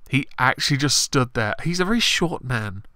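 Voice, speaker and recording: A man's voice: mid-range voice, lively intonation, moderate pace, pushed and bright, dry recording. A man giving blunt, sarcastic live-stream commentary on politics, swearing often.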